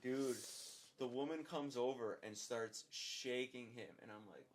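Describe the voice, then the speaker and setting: A man's voice: mid-range voice, measured pace, a crowd in the background. Young man telling a story, swearing freely. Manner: animated, swears freely, acts out dialogue. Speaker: podcast guest. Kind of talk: casual storytelling.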